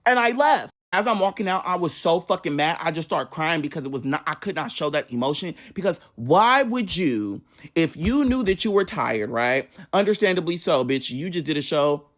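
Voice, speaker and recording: A man telling a story from his own life in a casual monologue, animated and dramatic, with constant swearing. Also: a little high, moderate pace.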